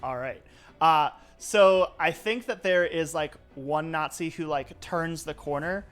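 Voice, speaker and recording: A man runs a tabletop game, narrating the action in a loose, filler-heavy way. His voice sits a little high for a man. Soft music plays under the live stream. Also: a little slow, clear, resonant tone. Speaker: game master.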